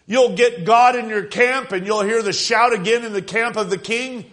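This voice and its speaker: A man's voice: sits high, moderate pace, a bit bright. An older man preaching a revival sermon, swelling with fervor and acting out quoted voices.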